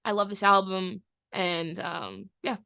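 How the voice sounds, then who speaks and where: A woman's voice: medium pitch, big pitch swings, slow pace, vocal fry, pushed and bright, dry recording. A woman co-hosting a music podcast, chatting casually and enthusiastically about albums, swearing freely and backing her partner with mm-hmms. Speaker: podcast co-host. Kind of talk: casual music review chat.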